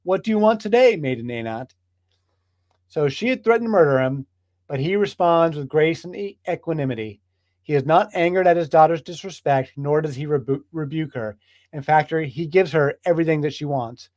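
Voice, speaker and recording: In a casual Bible study lecture, a man speaks with enthusiasm in a slightly high, slightly mellow voice, fairly quick, recorded studio-quality with no echo. He stresses points emphatically, building with repeated phrases.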